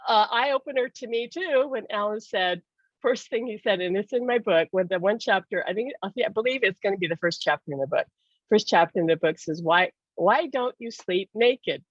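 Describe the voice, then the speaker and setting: A woman's voice: medium pitch, dry recording. A middle-aged woman telling a personal story in a casual, earnest way, often breaking into laughter. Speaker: author and host. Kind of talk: casual talk to camera. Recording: dry, dull lo-fi sound.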